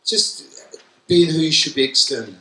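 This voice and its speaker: A keynote speaker in a conference hall jokes and stays lively as he fires questions directly at the audience. His voice sits on the high side and sounds very bright and sharp-edged at a moderate pace. It is recorded from far away, with the hall's echo ringing around it.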